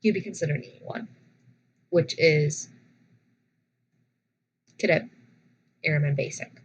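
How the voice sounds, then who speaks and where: Slow-talking young woman telling stories. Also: sits low, slight background noise, rough recording. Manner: animated, dramatic retelling with frequent restarts. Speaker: vlogger. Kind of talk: casual personal storytelling.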